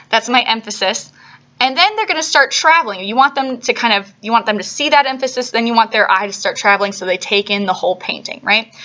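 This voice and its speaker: A woman's voice: on the high side, bright, forceful tone. Chatty woman teaching art to kids. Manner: chatty, checks in with "right?" and "okay?". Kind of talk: classroom video lesson for children. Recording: slightly dull lo-fi recording.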